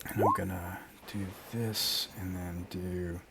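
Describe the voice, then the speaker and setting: Low-voiced man running the game, easygoing and unhurried. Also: little pitch movement, vocal fry, very noisy. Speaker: game master. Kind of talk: narrating a tabletop game.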